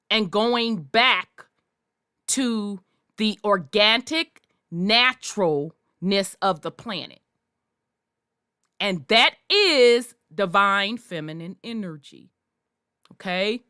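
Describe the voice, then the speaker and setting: A woman hosting a podcast, delivering a forceful, profanity-laced monologue in a preachy way. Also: mid-range voice, smooth, dry recording, clean studio sound. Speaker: podcast host.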